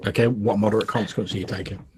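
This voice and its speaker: Low husky game master. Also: male voice, steady tone, racing, a little mellow. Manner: casual, loose narration with many fillers. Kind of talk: narrating a tabletop game.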